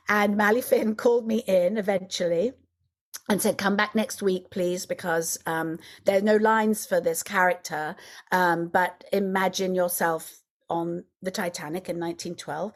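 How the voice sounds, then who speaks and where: A middle-aged woman, an actress on a podcast, telling animated stories and acting out the people she quotes. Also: on the low side. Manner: animated storyteller, acts out quotes. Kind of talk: casual interview chat.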